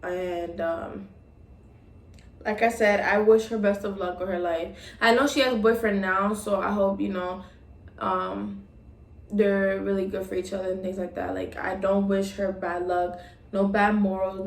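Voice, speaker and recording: A woman's voice: mid-range voice, flat delivery, unhurried. A young woman vlogger telling a personal story in a casual, rambling way, full of ums and likes as she retells old conversations. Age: young adult. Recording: roomy echo.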